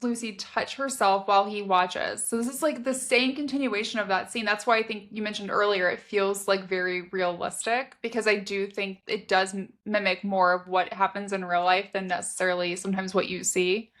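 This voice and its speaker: A woman's voice: mid-range voice, moderate pace, few pauses. A woman co-hosting a book podcast, chatting casually and reading romance passages aloud with laughter. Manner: animated, laughs while reading. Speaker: podcast co-host.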